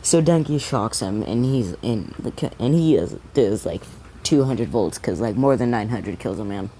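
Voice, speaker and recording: A man's voice: on the low side, animated, normal speed, mellow, slight background noise, low-quality recording. A man casually retelling a story, rambling with many restarts and casual swearing.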